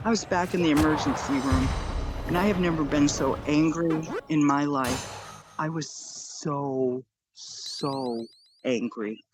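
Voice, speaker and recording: A middle-aged woman giving a personal testimony, telling her story earnestly in long run-on sentences with many repeated phrases. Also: lowish voice. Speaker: near-death experience storyteller. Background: clear background music.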